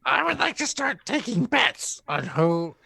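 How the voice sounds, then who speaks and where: Gravelly, high, sharp woman player. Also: sing-song, unhurried. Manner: cheeky, teasing. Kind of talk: casual tabletop role-play.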